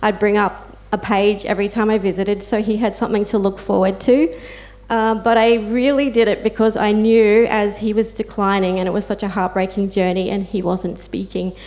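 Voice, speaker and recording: Mujer australiana contando historias con sentimiento. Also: female voice, medium pitch, little pitch movement, normal speed, a little mellow. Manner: heartfelt storytelling with fillers and quoted asides. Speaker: peer support volunteer and carer speaking on a panel. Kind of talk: personal talk to an audience.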